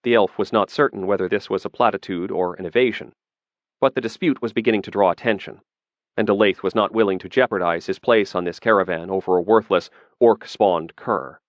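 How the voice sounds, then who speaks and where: Low-voiced man narrating an audiobook. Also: fairly quick, no room sound, dull audio.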